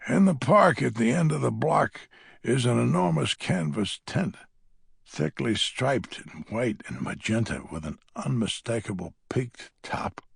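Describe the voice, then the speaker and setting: A man reads a first-person audiobook at a very slow, unhurried pace, in a wry and grumbling tone. His voice is gravelly and husky, and the recording is dry and close. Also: medium pitch, lively intonation, no room sound. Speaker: audiobook narrator.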